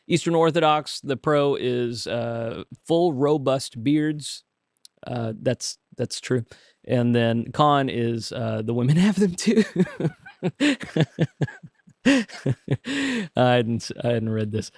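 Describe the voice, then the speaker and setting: A man's voice: medium pitch, slow pace, vocal fry, long pauses, no echo. A man hosting a casual livestream, reading items aloud and commenting with dry humor, with frequent hesitations. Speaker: livestream host.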